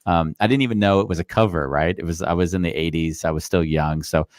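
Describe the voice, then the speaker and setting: A man's voice: low-pitched, quick pace, dry recording, studio quality. A man hosting a live interview, chatting casually and rambling with many fillers. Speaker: podcast host.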